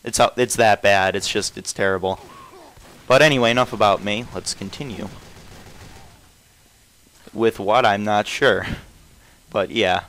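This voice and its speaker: A young man gives casual, rambling commentary over a video game, often stopping, restarting, and trailing off. His voice is lowish and a bit bright, unhurried with long pauses, on a rough recording.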